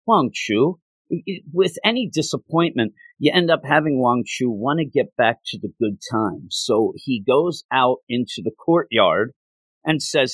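Animated man retelling a comic story. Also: medium pitch, slightly rough, no room sound. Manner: animated, jumps into quick voices for characters. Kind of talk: casual comic-book retelling.

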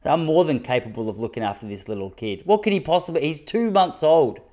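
A man's voice: animated, a little fast, mellow. Wry Australian man in his thirties. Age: 30s. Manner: wry, self-mocking, punchy delivery with sudden pitch jumps for quoted lines. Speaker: stand-up comedian. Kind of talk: stand-up comedy storytelling.

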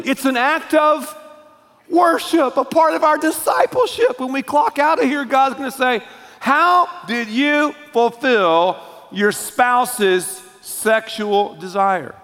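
High-voiced guy preaching, lots of jokes, big echoey church hall. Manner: animated, joking, addressing the congregation. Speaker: pastor. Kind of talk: sermon.

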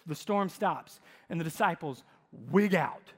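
A man preaching a sermon as pastor, telling stories with dramatic swings in loudness. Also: fairly high pitch, slow pace. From United States. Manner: animated storytelling, dramatic shifts in loudness. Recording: long hall reverb.

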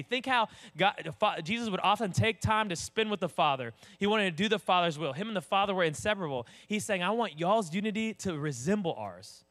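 A male pastor with a drawl delivers a sermon. He talks plainly and conversationally, often turning to his listeners with direct questions. His voice sits a little above the usual male pitch. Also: a bit bright.

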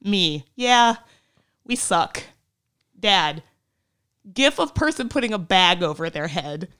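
Animated woman reading texts dramatically. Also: fairly low pitch, slow, clean tone. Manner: animated, exasperated, swears and laughs. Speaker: podcast co-host. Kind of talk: comic dramatic reading of text messages.

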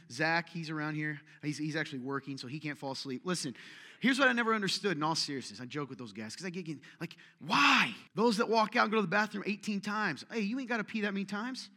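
A man's voice: a little high, expressive, quick pace, bright, forceful tone. A male pastor preaching a sermon in a church, joking with and teasing the congregation between emphatic calls. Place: church hall.

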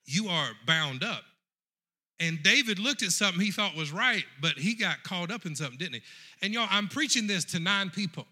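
A man preaching a sermon with a very bright, forceful tone that carries over the room. His pitch sits a little high for a man, and he keeps calling out to the congregation as he tells his story. He sounds middle-aged and fully animated in the pulpit. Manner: animated, addresses the congregation directly.

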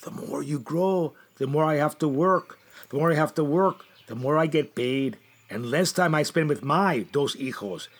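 Husky, fretful man. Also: on the high side, moderate pace. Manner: fretful, muttering to himself, fond with his plants. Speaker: comedic performer as a gardener. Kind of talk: comedy sketch monologue.

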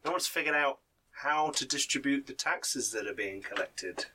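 A man's voice: mid-range voice, moderate pace, sharp tone, far from the mic, rough recording. A man voicing a chatty male townsman informant who rambles and hesitates as he gives advice. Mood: confiding. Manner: rambling, confiding, full of hesitations.

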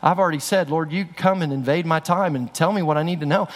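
A man's voice: fairly high pitch, quick pace. A middle-aged man preaching a sermon in a church, talking conversationally with frequent restarts. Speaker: pastor. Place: church sanctuary. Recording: long hall reverb.

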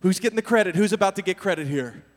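A man preaching a sermon as a lively story, energetic and full of casual slang. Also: high-pitched, fast. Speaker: pastor. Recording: long hall reverb.

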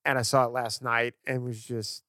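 A man co-hosting a podcast, chatting about movies with enthusiastic, animated storytelling. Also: mid-range voice, normal speed, dry recording, clean studio sound. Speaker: podcast co-host. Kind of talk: casual film discussion.

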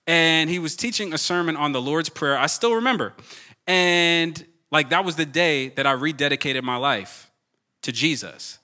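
A man on stage introducing the main speaker, sharing an earnest personal story in a very bright, forceful voice. He builds up to loud, hyped calls for the crowd to stand. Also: fairly high pitch, moderate pace. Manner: earnest, building to shouted hype. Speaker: young adults pastor introducing the speaker. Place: large church auditorium.

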